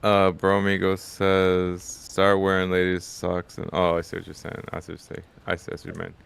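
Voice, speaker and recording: Male stream co-host, deep and smooth, relaxed and chatty. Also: moderate pace. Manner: laid-back, laughs often, reads chat. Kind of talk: casual stream chat.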